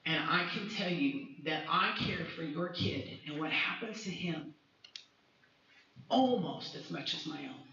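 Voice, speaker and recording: A woman's voice: low voice, animated, unhurried, gravelly, bright, forceful tone. A woman music teacher speaking with feeling at a school community meeting, personal and rambling with restarts. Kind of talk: emotional public speech at a community meeting. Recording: echoey hall from far off, dull.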